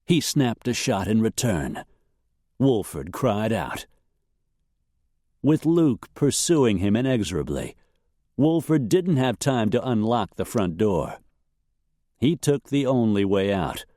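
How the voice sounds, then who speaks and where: A man narrating a western novel in a slow, steady, dramatic reading. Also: mid-range voice, no echo. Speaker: audiobook narrator. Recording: dry close recording.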